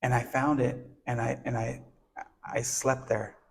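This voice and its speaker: A man's voice: mid-range voice, level tone, unhurried, vocal fry, a little hiss or hum. A man who founded a nonprofit tells his childhood story in a casual, earnest interview. He talks conversationally, with many restarts and "you know"s. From United States (born in Texas, raised in southern California).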